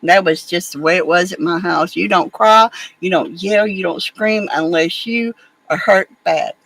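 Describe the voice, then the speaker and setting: A woman's voice: fairly low pitch, measured pace, fairly bright tone, low-quality recording. A woman, casually telling a family story to her viewers, rambling with many fillers and restarts. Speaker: vlogger.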